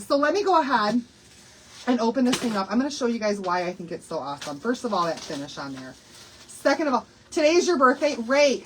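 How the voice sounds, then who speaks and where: A woman's voice: medium pitch, a bit bright, slight background noise, low-quality recording. A woman in her sixties hosting a live craft stream, chatty and bubbly, laughing often and greeting viewers by name. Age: 60s. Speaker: craft livestream host.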